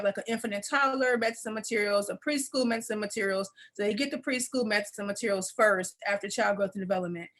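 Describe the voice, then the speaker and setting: A woman's voice: fairly high pitch, rough recording. Teary woman presenting on a webinar. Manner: warm, emotional, repeats phrases, laughs. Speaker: presenter, adult education program coordinator.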